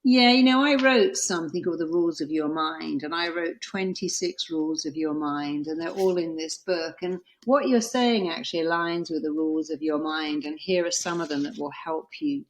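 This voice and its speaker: British woman, therapist on a podcast, low-ish voice, earnest and emphatic. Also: moderate pace, few pauses, rough recording. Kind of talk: conversational advice.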